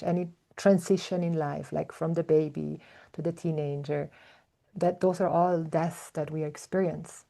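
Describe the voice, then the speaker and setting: A woman giving a reflective spiritual talk, speaking slowly and thoughtfully with soft hums and fillers. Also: fairly low pitch, creaky. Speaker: spiritual teacher, podcast host.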